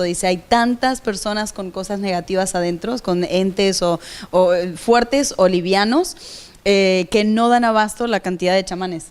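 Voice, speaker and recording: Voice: medium pitch, clean tone. Curious bilingual interviewer. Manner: curious, switches between languages, laughs along. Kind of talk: casual interview, relaying the guest's words.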